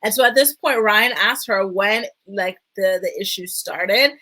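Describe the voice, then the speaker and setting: A woman's voice: mid-range voice, a little slow, pushed and bright, low-quality recording. A woman hosting a casual reality-show recap, chatty and full of fillers. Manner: chatty, many fillers, dips into quoted voices. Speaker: recap vlogger.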